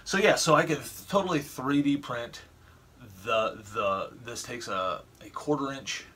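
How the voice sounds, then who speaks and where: Male vlogger, bright tense tone, loose rambling chat with the audience. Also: mid-range voice, big pitch swings, a little slow, breathy edge. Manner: rambling, stumbling over repeated words; chatty, talking straight to viewers. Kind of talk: casual vlog chat.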